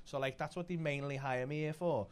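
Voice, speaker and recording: A man with a Liverpool accent, a comedian and club host telling stories in casual chat, swearing freely with rapid banter. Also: fairly high pitch, clear, resonant tone. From Liverpool, England.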